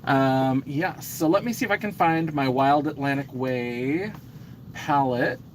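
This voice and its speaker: A man's voice: mid-range voice, a little hiss or hum. A man, a drag performer, chatting casually on a livestream while doing his makeup, rambling with lots of fillers and trailing off as he works. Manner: talks while busy with makeup, pausing and trailing off. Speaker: drag performer getting ready for a show.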